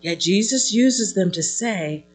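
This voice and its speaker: Pastor, husky tone, very lively sermon delivery with playful asides. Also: mid-range voice, slow. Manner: animated preaching with playful asides and acted quotes.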